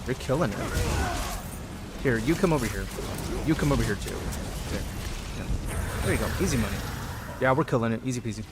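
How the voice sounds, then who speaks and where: Guy streaming a dungeon run, super lively up-and-down voice, joking around, music going in the back. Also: medium pitch, fairly quick, long pauses. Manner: animated, joking, talks to his game and chat. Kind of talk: casual gameplay chat.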